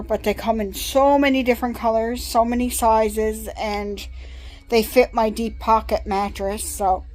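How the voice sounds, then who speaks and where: A woman's voice: medium pitch, a little mellow, low-quality recording. A middle-aged woman talking casually into her phone camera for her vlog, rambling and chatty with small laughs. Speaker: vlogger.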